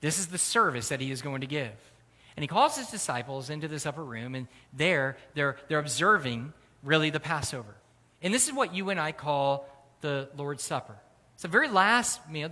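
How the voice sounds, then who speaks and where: A man preaching a sermon as pastor, earnest, swelling louder and higher for emphasis. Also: big pitch swings, normal speed. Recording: long hall reverb.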